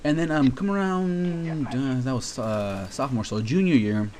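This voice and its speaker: A man's voice: medium pitch, moderate pace, a little mellow. A young man casually telling a long story about his school days, offhand and rambling with lots of fillers. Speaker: vlogger.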